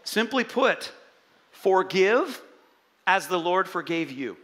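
A man preaching a sermon in an animated way, swinging between loud and soft. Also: high voice, takes it slowly. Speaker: pastor. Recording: long hall reverb.

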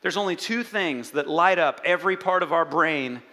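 A man preaching a sermon in an animated way, swinging between loud and soft. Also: fairly high pitch, moderate pace. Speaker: pastor. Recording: long hall reverb.

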